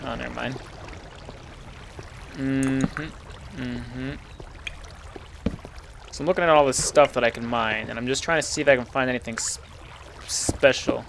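A man commentating his own gameplay, chatty and easily exasperated, sometimes yelling at enemies. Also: mid-range voice, fairly even intonation, measured pace, vocal fry, long pauses, noisy background. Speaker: let's play gamer.

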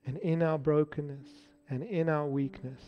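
A man's voice: fairly high pitch, steady tone, moderate pace. A man leading an earnest spoken prayer in church. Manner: earnest, devotional. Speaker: prayer leader. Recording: dull lo-fi sound with faint music.

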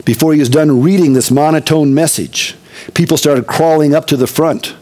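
A man's voice: a little high, normal speed, darkish tone. A middle-aged male pastor preaching a conversational expository sermon, with emphatic repetition.

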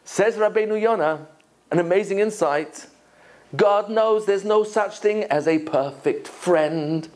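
A rabbi from England giving a lively lecture to an audience, asking many rhetorical questions. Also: male voice, high-pitched, unhurried.

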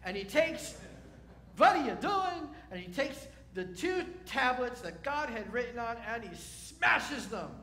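A rabbi gives a sermon in a chatty, wry manner and keeps asking his listeners questions. His voice is high and lively. It echoes around the hall. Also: measured pace, hardly any pauses.

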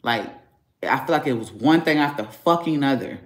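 A man's voice: medium pitch, expressive, fairly quick. Angry man venting in an echoey garage. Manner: angry, profane venting, rambling. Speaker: family vlogger. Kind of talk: casual vlog rant. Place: home garage.

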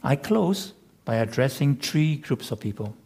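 Male preacher, sermon delivery; slow and deliberate, slightly husky, emphatic. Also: mid-range voice, very animated, a little mellow. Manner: measured, emphatic, with rhetorical repetition. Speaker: pastor.

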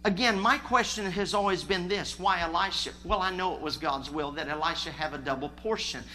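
A man's voice: fairly high pitch, fairly quick, pushed and bright, slight background noise. A man preaching a sermon, emphatic, calling on the congregation to answer him. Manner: emphatic, calls for congregation responses.

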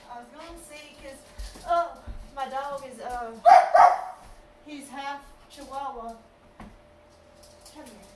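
A woman's voice: high voice, expressive, a little slow, very noisy. A woman, chatting casually to the camera in her bedroom and talking to her pets between rambling stories. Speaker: vlogger.

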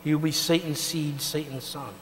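A male pastor preaching a sermon, emphatic and swinging between loud and quiet, often pausing to ask the congregation to finish his sentences. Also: fairly high pitch, fairly even intonation. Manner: call-and-response questions to the congregation. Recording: reverberant hall with mains hum.

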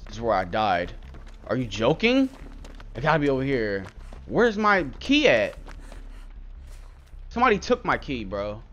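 Excitable young man narrating gameplay. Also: on the low side. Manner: excitable, swears and says "bro" a lot. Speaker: gameplay streamer. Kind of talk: live gameplay commentary.

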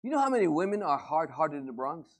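Animated husky preacher. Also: male voice, on the high side, quick pace. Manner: animated, joking, acts out everyday scenes. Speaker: pastor. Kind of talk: lively preaching sermon with humor. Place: church service before a congregation.

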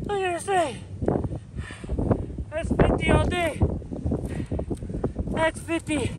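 A man vlogging his fishing trip outdoors on a boat, out of breath and exclaiming loudly as he talks to his catch. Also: extremely high pitch, expressive, slow, gravelly, pauses often. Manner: exclamatory, whooping and talking to the fish. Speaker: angler vlogger. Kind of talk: excited fishing vlog commentary. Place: outdoors on a boat in strong wind. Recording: loud wind noise on the mic. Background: wind and boat noise.

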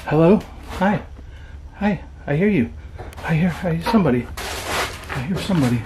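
A man's voice: a little high, expressive, normal speed, long pauses, background noise. A man filming himself alone in an abandoned trailer at night, talking in a nervous, scared way, swearing often and dropping to a whisper. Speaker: paranormal vlogger. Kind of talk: nervous ghost-hunting vlog narration. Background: crickets and insects at night.

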